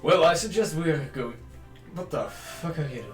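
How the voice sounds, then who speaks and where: A man's voice: a little high, animated, moderate pace. A man with a Dutch accent playing a tabletop game, giggly and jokey. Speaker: player. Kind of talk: casual tabletop role-play chat. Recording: echoey room, faint music.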